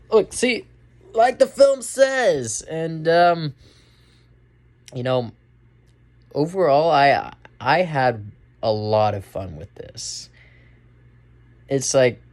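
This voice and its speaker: A man's voice: mid-range voice, a little mellow. Rambling young man reviewing a film. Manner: rambling, many fillers and restarts. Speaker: movie reviewer. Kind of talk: casual spoken film review.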